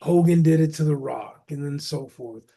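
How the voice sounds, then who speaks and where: Slangy animated man, mellow voice. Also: a little high, normal speed, creaky. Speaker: podcast co-host. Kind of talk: casual wrestling talk.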